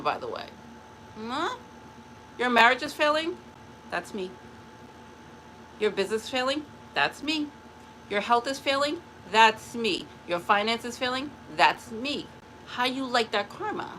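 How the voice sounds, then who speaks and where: A woman's voice: fairly high pitch, very animated, measured pace, long pauses, sharp tone, a little hiss or hum, low-quality recording. A woman talking to camera in a spiritual vlog, taunting an unnamed rival and then chatting in a rambling way. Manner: rambling with restarts and laughs. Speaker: vlogger.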